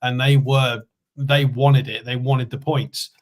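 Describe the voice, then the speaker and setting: A man's voice: mid-range voice, flat delivery, takes it slowly. A man co-hosts a casual football podcast, talking in an easygoing, hedging way. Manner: easygoing, hedging, self-deprecating. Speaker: podcast co-host. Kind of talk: casual fan podcast chat.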